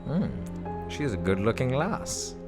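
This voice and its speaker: A man talks through a video game in casual, rambling commentary, joking and laughing as he plays. His pitch moves a lot, and faint game music runs underneath. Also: sing-song, a little slow. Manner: rambling, jokey, laughs often. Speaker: let's play host.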